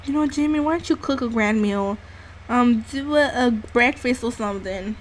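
A woman commenting on a life-sim game as she plays, excitable and swearing freely while she narrates what her characters do. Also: on the high side, moderate pace, slight background noise. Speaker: gaming channel host. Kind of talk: let's-play commentary.

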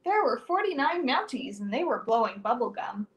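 A young woman storyteller reading a rhyming picture book aloud to children in an animated, sing-song way with dramatic swings. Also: fairly high pitch, moderate pace, dull audio. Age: young adult.

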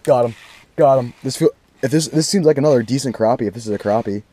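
A young man vlogging outdoors on a frozen lake, casually talking to his viewers and getting excited. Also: medium pitch, fast talker. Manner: excitable, talks straight to viewers. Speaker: fishing vlogger. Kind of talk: casual vlog commentary.

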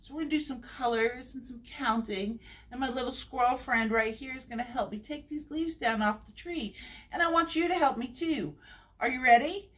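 A woman's voice: high voice, normal speed. A woman who works as a children's librarian, reading a picture book aloud for an online storytime. She talks in a sing-song way, asks the children to join in and makes the animal sounds herself.

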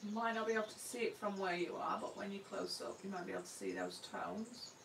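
A woman artist talks through a live painting session in a homely, self-deprecating way, murmuring asides as she works. Her voice has a gravelly fry to it. The sound is roomy and a little distant from the microphone. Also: mid-range voice, very animated, quick pace, noisy background. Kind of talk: live painting demonstration, chatty commentary. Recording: roomy sound from away from the mic.

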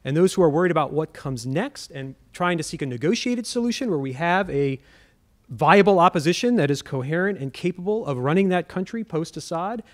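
A man with a fairly high voice speaking on a public debate panel. He argues earnestly and often stops to restart a phrase or add a filler as he works through his point. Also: lively intonation, fairly quick. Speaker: debate panelist, former government official.

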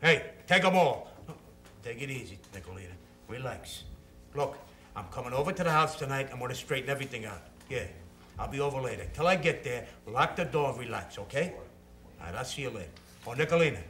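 A man's voice: medium pitch, expressive, brisk, a bit bright, lightly acted. A man acting as a brash young loan shark who trades insults and gives orders. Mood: soothing. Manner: blustering, insulting, then soothing. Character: young male loan shark, brash, bossy, quick-tempered. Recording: echoey room.

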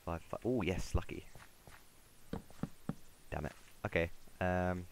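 A man's voice: sits low, takes it slowly, creaky, noisy background. A man giving casual, rambling gameplay commentary, talking to himself as he plays. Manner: rambling, talks to himself while playing. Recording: game music playing underneath.

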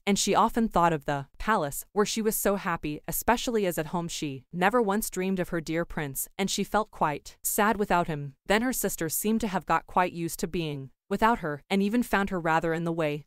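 A woman narrating a classic fairy tale in a calm, measured reading for English learners. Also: lowish voice, clean tone, dry recording, clean studio sound.

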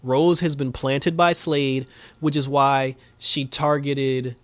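A man talks through a TV episode in a loose, unscripted recap, full of fillers and the odd laugh. His voice sits at an ordinary middle pitch. The sound is close and dry, with no room echo. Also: little pitch movement, slow pace. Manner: loose, lots of fillers, laughs often, acts out quotes. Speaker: show reviewer.

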